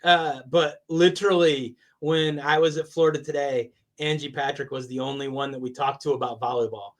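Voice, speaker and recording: A man's voice: mid-range voice, steady tone, moderate pace. A man guesting on a sports podcast, talking in an enthusiastic, conversational way and laughing often. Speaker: guest, college athletics communications director. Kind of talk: casual interview chat.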